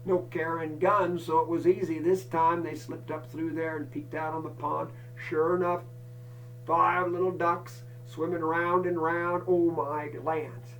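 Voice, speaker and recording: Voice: mid-range voice, flat delivery, a little slow, fairly bright tone, distant mic, faint music behind, low-quality recording. A storyteller telling a folk campfire tale, folksy and chatty, with asides to the listeners.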